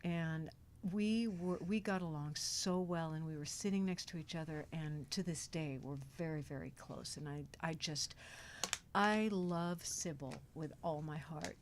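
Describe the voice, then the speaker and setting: A woman's voice: deep voice, a little hiss or hum. An actress guest on a podcast, chatting casually and acting out quotes as she tells stories. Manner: animated storyteller, acts out quotes. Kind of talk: casual interview chat.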